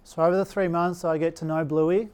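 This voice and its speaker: A man's voice: on the high side, flat delivery, fairly quick, a little mellow, clear, resonant tone. A middle-aged man with an Australian accent, speaking in a slightly raised register. He tells a personal story in an easygoing, anecdotal manner and slips into the voices of the people he quotes. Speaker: speaker telling his story. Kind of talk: storytelling talk.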